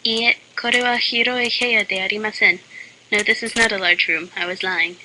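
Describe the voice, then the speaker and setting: A woman delivers a parody language lesson with a flat, deadpan read and dry asides. A loud, steady hiss runs under her voice the whole time. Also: mid-range voice, fast talker. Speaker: lesson narrator. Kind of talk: mock language lesson reading with joke asides. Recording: loud constant background hiss.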